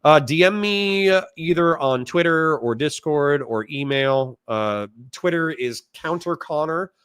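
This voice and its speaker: A man's voice: fairly high pitch, expressive, measured pace, fairly bright tone, smooth, no room sound, clean studio sound. A man from Florida hosting a casual livestream, reading out chat donations and rambling bluntly in reply. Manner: rambling and blunt, reads chat messages aloud.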